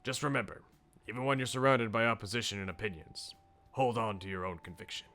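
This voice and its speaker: A man plays a weary, reflective middle-aged politician, speaking in a fairly low voice that is soft, measured and earnest.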